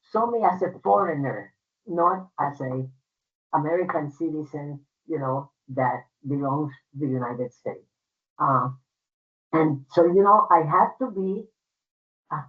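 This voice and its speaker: An older woman from Puerto Rico with a Puerto Rican Spanish accent, telling her life story to an audience in an emphatic, conversational way with many fillers. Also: sits low. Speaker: guest speaker. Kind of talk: personal storytelling talk. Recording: tinny phone-like audio.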